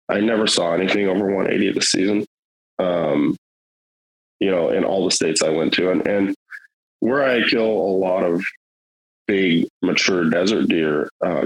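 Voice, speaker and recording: A man's voice: sits low, breathy edge, low-quality recording. A middle-aged man telling a hunting story in casual, rambling, earnest talk, with many fillers and restarts.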